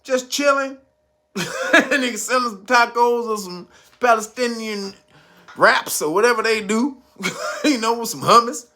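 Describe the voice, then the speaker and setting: High, bright-voiced man riffing casually. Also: measured pace, pauses often. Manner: animated, chuckling, slangy storytelling. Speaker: channel host. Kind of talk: casual commentary.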